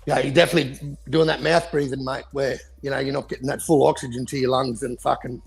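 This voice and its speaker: A man's voice: mid-range voice, level tone, quick pace, gravelly, breathy edge, soft background music. A man co-hosting a casual boxing podcast, talking in profane, heated rants. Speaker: podcast co-host.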